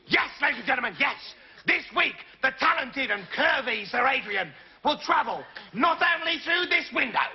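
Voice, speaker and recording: An actor playing a boastful, bossy stunt showman in a live comedy sketch, shouting to the audience like a ringmaster. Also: very high-pitched, animated, moderate pace. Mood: grandiose. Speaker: comic stunt presenter. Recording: dull lo-fi 1980s TV broadcast with hiss.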